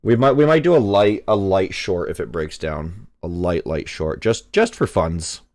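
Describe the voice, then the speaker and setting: Low-voiced profane Canadian streamer. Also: male voice, normal speed. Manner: profane, excitable, reads chat aloud. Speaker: livestream trading host. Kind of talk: casual live commentary.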